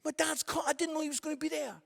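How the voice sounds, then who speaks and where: A man in his forties, an evangelist and comedian, delivering a gospel message through animated comic storytelling that turns earnest and gentle. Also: very high-pitched, quick pace, vocal fry. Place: live event venue.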